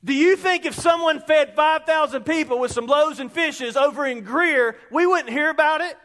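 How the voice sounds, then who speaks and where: A man, preaching an animated sermon that rises into shouts. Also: extremely high pitch, moderate pace. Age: 50s. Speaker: pastor. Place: church sanctuary. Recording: long reverb of a large hall.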